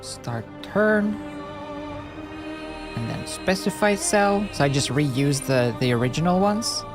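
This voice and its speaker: This is casual live-stream commentary from a woman animating digital art, her low voice lively in intonation and slow in pace, with music underneath. She thinks aloud, half to herself, and adds playful sound-effect noises as she works.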